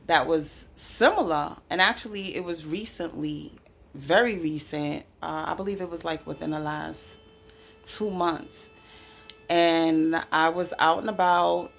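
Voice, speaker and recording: A woman from the New York City area tells of a dream, her low voice carrying a gravelly fry. She talks slowly and haltingly, with many fillers and pauses, and grows emotional as she speaks. Faint music plays behind her. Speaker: Christian speaker sharing a dream. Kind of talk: casual testimony.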